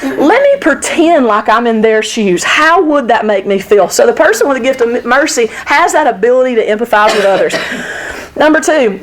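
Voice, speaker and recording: A woman's voice: a little high, a little hiss or hum. A woman teaching a church Bible study in a candid, self-deprecating way, full of rhetorical questions.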